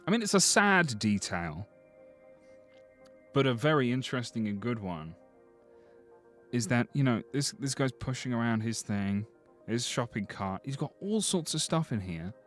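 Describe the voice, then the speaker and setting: A man's voice: mid-range voice, normal speed, long pauses, soft background music. A man chatting casually on a live stream, joking with his chat as he looks through game screenshots. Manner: chatty, jokey, lively.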